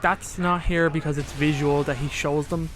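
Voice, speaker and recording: A man's voice: a little high, steady tone, moderate pace. A man co-hosting a podcast, retelling a story casually and acting out quoted lines along the way. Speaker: podcast co-host. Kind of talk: casual chat recapping a story.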